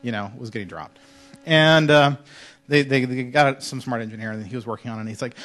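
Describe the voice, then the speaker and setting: A man speaking at a conference before a student audience, relaxed and conversational. He tells anecdotes with a joking touch and now and then slips into playful put-on voices, his pitch sitting at an ordinary middle. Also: quick pace. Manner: casual, joking storyteller with mock French voices. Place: lecture hall.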